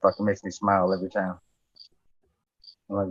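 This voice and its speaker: Casual guy, husky and low, rambles and curses; dry, muffled home recording. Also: completely flat delivery, brisk, no echo. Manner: rambling, heavy swearing, lots of fillers. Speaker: podcast host. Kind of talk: casual chat.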